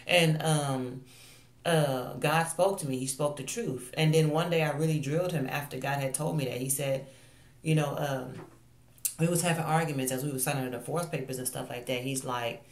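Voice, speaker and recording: A woman's voice: low-pitched, fairly even intonation, normal speed, echoey room. A woman ministering online, telling a personal faith testimony in an earnest, confessional way, often repeating phrases.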